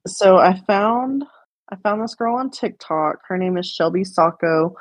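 A woman's voice: mid-range voice, lively intonation, measured pace, no echo. A young woman co-hosting a podcast, chatting casually and mumbling with plenty of fillers and laughs. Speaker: podcast co-host. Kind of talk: casual chat. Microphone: remote voice call.

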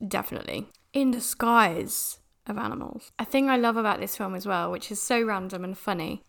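A woman's voice: mid-range voice, fairly bright tone. A young British woman from the UK hosting a podcast, talking casually about a film in a chatty, rambling way. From United Kingdom. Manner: chatty and rambling, with many restarts and fillers. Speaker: podcast host.

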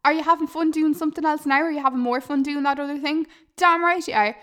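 A woman's voice: high-pitched, steady tone, fast, a bit bright. A woman, chatting earnestly on her podcast, laughing often and calling her listeners "lads". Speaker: podcast host and YouTuber. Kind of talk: casual podcast chat.

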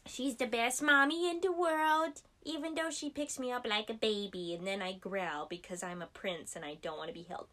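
A woman voicing her young male pet cat, a pampered little prince, in a slow sweet baby voice. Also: on the high side, fairly bright tone, natural voice. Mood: doting.

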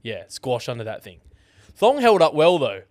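A young Australian man tells loud, animated stories laced with swearing as he co-hosts a casual podcast. His voice sits at a middling pitch. The recording is dry and close, with no room sound. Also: normal speed, no echo. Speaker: podcast co-host. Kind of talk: casual chat.

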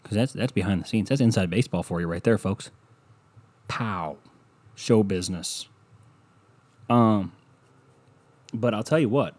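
A man doing a rambling comedic monologue, sarcastic and profane, with sudden loud bursts. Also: on the low side, measured pace, pauses often, dry recording.

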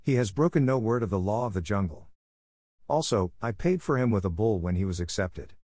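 A man's voice: fairly low pitch, animated, brisk, warm tone, no echo. A man doing a weary old wolf chief in a storybook reading, solemn and dignified. The voice sits somewhat above the reader's own, and the recording is close and dry. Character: old male wolf, weary pack leader. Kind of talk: audiobook reading.

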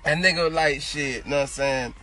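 Man, high voice, podcast co-host, casual profane banter, storytelling. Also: moderate pace, bright, forceful tone. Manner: loose, profane storytelling with lots of "know what I'm saying". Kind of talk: casual chat.

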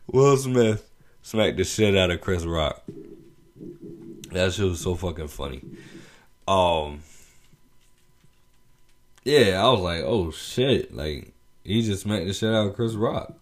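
A young man talks through a story on his own show in loose, slangy, casual speech. His voice sits very low and he takes his time, drawing the words out slowly. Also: animated. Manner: laid-back slangy storytelling, laughs often. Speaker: podcast host. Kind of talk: casual opinion monologue.

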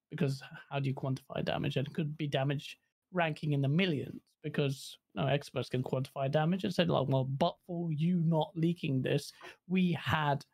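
A woman co-hosting a gaming podcast rants bluntly in casual chat, swearing freely and jumping into high-pitched, mocking impressions of other people. Her voice is creaky, husky and darkish in tone.

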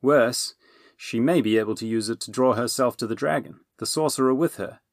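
A man voicing a calm, wise old male wizard who speaks in a measured, deliberate way. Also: medium pitch, gravelly, no echo, clean studio sound, lightly acted. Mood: grave.

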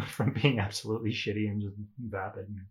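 A man's voice: fairly low pitch, steady tone, brisk. A young man telling a wild story in a casual chat as a podcast guest, swearing freely and laughing often.

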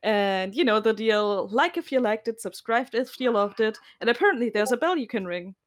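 A woman's voice: fairly high pitch, lively intonation, normal speed. A woman co-hosting a casual podcast, bubbly and giggly as she signs off. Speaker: podcast co-host.

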